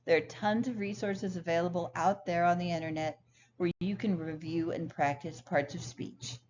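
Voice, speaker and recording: Woman instructor, patient explainer, slide-lecture recording; a bit low, muffled mic. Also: steady tone, normal speed, darkish tone. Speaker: ESL instructor. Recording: dull lo-fi sound, faint noise.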